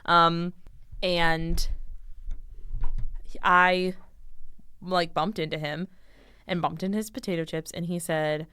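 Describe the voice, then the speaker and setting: Speaking slowly with long pauses, this young woman has a lowish, clean-toned voice in a dry, close-mic recording. As a podcast co-host, she shares stories in relaxed conversation and performs the lines of dialogue with animation.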